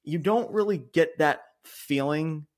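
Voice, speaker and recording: A man co-hosting a casual wrestling podcast, rambling and swearing, laughing often and pushing his voice up high when he gets worked up. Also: takes it slowly. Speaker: podcast co-host.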